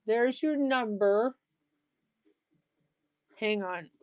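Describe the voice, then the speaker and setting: A woman hosting a live-stream jewelry auction, chatty and excitable, gushing over each piece. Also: on the high side, drawn-out words. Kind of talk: live auction selling chat.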